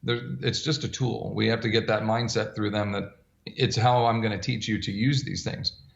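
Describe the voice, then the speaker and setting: A man's voice: fairly low pitch, moderate pace, vocal fry, reverberant, muffled recording. A man who coaches strength training for older adults, answering interview questions and acting out dialogue as he tells stories. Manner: animated storyteller, acts out dialogue.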